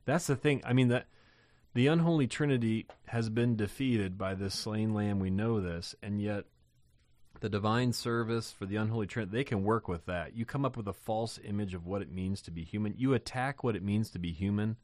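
A man with a fairly low voice works through scripture as a teacher, reading a verse and then unpacking it in loose, circling asides. He lifts his voice on key points and trails off in between. The recording is close and dead dry, with no room sound. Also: a little fast, a little mellow, no room sound. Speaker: Bible teacher.

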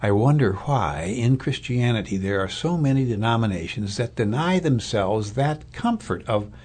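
Guy preaching, kinda husky voice, talks it through casual with lots of uhs. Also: mid-range voice, lively intonation, moderate pace, a little mellow. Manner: conversational, thoughtful with fillers and restarts. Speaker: Lutheran pastor or Bible teacher. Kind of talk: sermon.

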